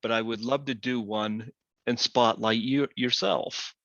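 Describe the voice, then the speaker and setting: A man's voice: mid-range voice, fairly even intonation, a little slow, fairly bright tone, no room sound. Hesitant male podcast host, dull dry sound. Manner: hesitant, lots of ums and uhs. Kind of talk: casual interview talk.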